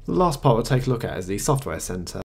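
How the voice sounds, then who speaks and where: A man narrating a screencast software review in a matter-of-fact, conversational way, pausing now and then with small hesitations while working at his desktop computer mic. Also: medium pitch, sing-song, gravelly, husky. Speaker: tech reviewer.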